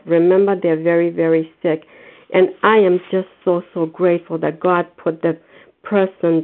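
Earnest woman on a tinny phone line. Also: on the low side. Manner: earnest, grateful, quotes others in lively voices. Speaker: meeting member sharing. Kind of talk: phone-in recovery meeting share.

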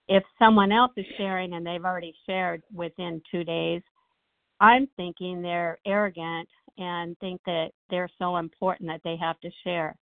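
A woman's voice: lowish voice, moderate pace, dry recording. Woman sharing over a tinny phone line. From Nashville, USA. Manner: rambling, self-mocking, animated when quoting herself. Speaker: meeting member sharing. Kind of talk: personal share on a phone meeting. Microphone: phone call.

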